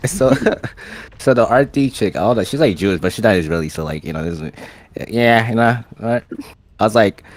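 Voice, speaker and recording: A low-voiced man chatting casually with a group. He is blunt and swears freely, often trailing off. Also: expressive, normal speed, pauses often, no room sound. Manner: profane and blunt. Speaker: panelist. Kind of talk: casual chat.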